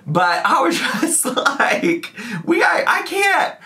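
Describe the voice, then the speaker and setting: A man talking casually to his camera in a vlog, chatty and animated, now and then slipping into a joking southern twang. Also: very high-pitched, takes it slowly, a little hiss or hum. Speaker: YouTuber.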